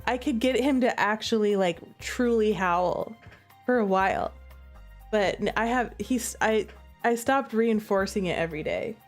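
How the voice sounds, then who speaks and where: A woman's voice: mid-range voice, a little slow, faint music behind. A woman streamer in casual chat at home, playful and giggly as she chats with her pets and coaxes them. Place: room at home.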